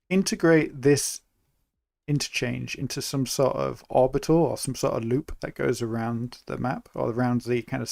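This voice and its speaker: A young Englishman narrates his live city-building stream in a relaxed, chatty manner, thinking out loud as he builds. His mid-pitched voice has a gravelly, fried edge. The recording is dry and close, with no room sound at all.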